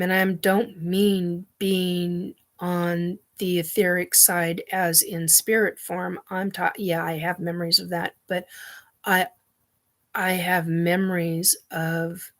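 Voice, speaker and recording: Slow, flat-voiced woman host. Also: fairly low pitch. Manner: halting, searching for words, earnest. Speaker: show host. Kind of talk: personal monologue.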